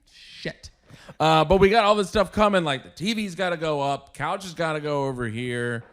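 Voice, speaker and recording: A man's voice: fairly high pitch, normal speed, fairly bright tone. A man hosting a casual podcast from his own apartment, playful and joking. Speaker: podcast host. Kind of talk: casual chat.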